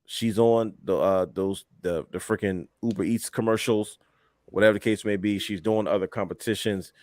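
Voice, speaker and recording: A young man co-hosting a casual wrestling podcast, animated and emphatic, often repeating words as he drives a point home. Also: lowish voice, moderate pace, dry recording, studio quality. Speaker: podcast co-host.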